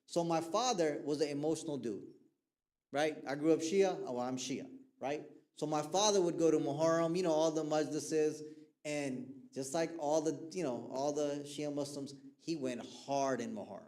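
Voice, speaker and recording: A man's voice: on the high side, a little fast, a little mellow. A man who counsels young people, giving a casual talk to a youth group that keeps checking in with the listeners and acts out the people he quotes. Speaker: mental health counselor speaking to youth.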